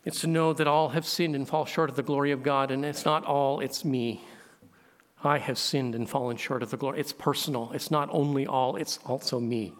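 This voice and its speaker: A man preaching a sermon as pastor, asking the congregation questions and swelling to loud, emphatic peaks. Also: mid-range voice, steady tone, moderate pace. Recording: long hall reverb.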